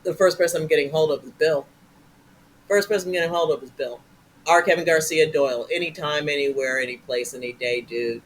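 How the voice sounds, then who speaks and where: A man with a somewhat high voice talks with a lot of energy and jokes as an interview guest. He jumps between playful bits and warm praise for his colleagues in a loose, chatty way. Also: brisk, slight background noise, low-quality recording. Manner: animated, enthusiastic, jokey. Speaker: improv performer, guest. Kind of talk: casual interview chat.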